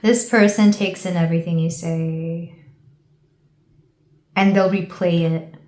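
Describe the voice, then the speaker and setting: A woman from the United States giving a casual tarot reading, rambling and thinking aloud with soft fillers. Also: fairly low pitch, steady tone, takes it slowly, echoey room. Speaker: tarot reader.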